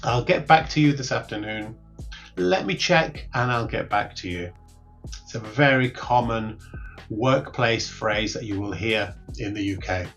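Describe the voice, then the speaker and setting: A man teaching workplace English, explaining each phrase clearly and repeating the examples slowly. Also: lowish voice, a bit bright, faint music behind. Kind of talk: recorded English lesson.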